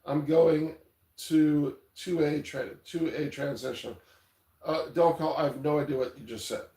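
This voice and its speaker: A man's voice: a little high, steady tone, unhurried, mellow. A man hosting a casual livestream, rambling loosely, reading chat aloud and swearing casually. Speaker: livestream host. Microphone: tablet mic. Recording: echoey room.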